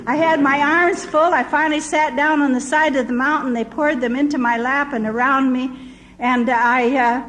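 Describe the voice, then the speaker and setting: A woman's voice: sits high, fairly even intonation, normal speed, a bit bright, low-quality recording. An older woman, a missionary, telling her testimony as a vivid story. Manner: vivid storyteller who acts out quoted voices.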